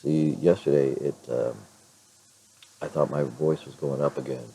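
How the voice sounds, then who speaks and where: A middle-aged man chatting in a casual vlog with a hoarse, raspy voice, rambling with many fillers and restarts. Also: a bass voice, fairly even intonation, a little slow, mellow, poor audio. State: clears throat now and then. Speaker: vlogger.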